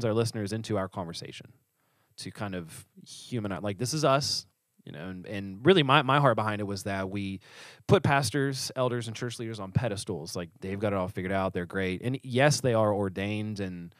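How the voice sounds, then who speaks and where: A man's voice: fairly low pitch, no room sound, studio quality. A man co-hosting a casual podcast as a church leader, telling stories animatedly and acting out the voices of the people in them. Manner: animated storyteller who acts out quoted voices.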